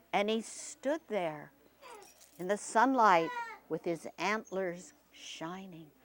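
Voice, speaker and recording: A woman storyteller telling a folktale expressively, with dramatic pauses. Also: fairly high pitch.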